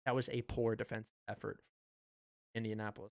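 Smooth-voiced man, casual betting chat. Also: lowish voice, normal speed, dry recording, studio quality. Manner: relaxed, loose, with frequent fillers. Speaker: podcast co-host.

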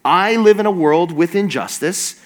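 A young adult man preaching a sermon, telling a story in an animated way and acting out the quoted voices. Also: high voice, normal speed.

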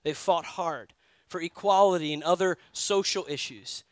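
A man's voice: on the high side, normal speed, no echo. A man from New York, a pastor giving a sermon in a conversational storytelling way, often asking his listeners directly.

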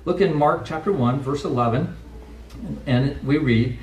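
A man's voice: medium pitch, a little slow. A male pastor giving a conversational sermon, asking rhetorical questions and acting out quoted lines. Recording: echoey room from far off, faint noise.

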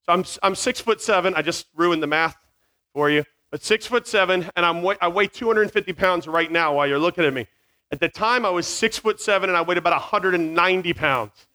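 A man telling a funny story to an audience, animated and self-mocking, acting out sounds, with a small mic near his beard. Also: sits high, a little fast.

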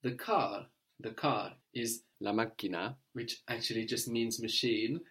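A man's voice: medium pitch, unhurried, a bit bright, slight background noise. Patient male language teacher. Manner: patient, prompting and correcting a learner. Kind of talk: guided language lesson.

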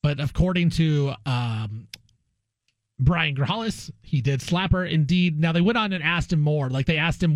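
Man, sports radio host, casual chat, jokey storytelling, fairly high voice, dry studio sound. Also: no room sound.

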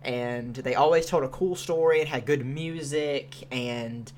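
This young man's mid-range voice moves at a measured pace, with a little hiss or hum present. As a podcast co-host reviewing a show, he's animated and casual, swearing freely and filling gaps with frequent fillers.

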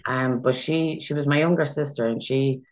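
A guest telling personal stories in casual conversation, chatty and animated, with frequent fillers. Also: medium pitch, normal speed, a little hiss or hum, low-quality recording. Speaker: interview guest, Pride chairperson.

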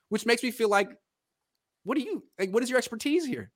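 A man's voice: extremely high pitch, animated, brisk, a bit bright. A man hosting a casual sports podcast, animatedly breaking down football film and chatting with his father. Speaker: podcast host.

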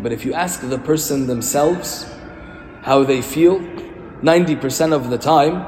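A priest gives a sermon in a church, telling it conversationally like a story and posing rhetorical questions. His voice is fairly high with a darkish tone at normal speed, with slight background noise and faint ambience in a reverberant church hall.

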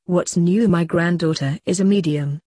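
A woman voicing a weary middle-aged male coroner who is secretly a reaper king, moaning in a put-upon way, with a husky voice. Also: fairly low pitch, normal speed, mellow, no echo, studio quality, lightly acted.

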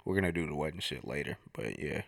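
A man's voice: extremely low pitch, animated, fast talker, gravelly, fairly bright tone, dry recording, clean studio sound. A young man co-hosting a podcast, telling stories in casual slangy chat. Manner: laid-back slangy storytelling. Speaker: podcast co-host.

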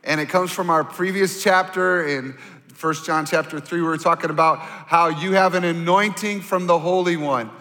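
A male pastor preaching a sermon to his congregation in an animated, conversational way, asking the audience to turn to their neighbors. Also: on the high side, moderate pace. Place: church sanctuary. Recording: long hall reverb.

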